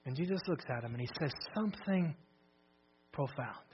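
A male pastor preaching a sermon, swinging from loud shouted declarations to low, hushed emphasis and repeating phrases. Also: lively intonation, moderate pace, muffled recording, noisy background. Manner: repeats phrases, restarts often.

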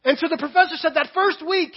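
A man preaching a sermon in church, telling a story and dropping soft and low on the words he wants to land. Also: quick pace, dull audio. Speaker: pastor. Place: church sanctuary.

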